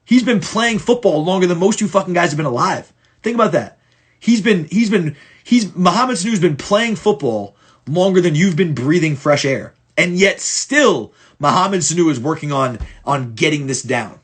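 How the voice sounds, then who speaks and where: A man's voice: a little high, lively intonation, moderate pace, slightly rough. A man coaching football players through film, blunt and profane, stumbling and repeating words for emphasis. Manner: blunt and profane, many restarts. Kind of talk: casual film breakdown for clients.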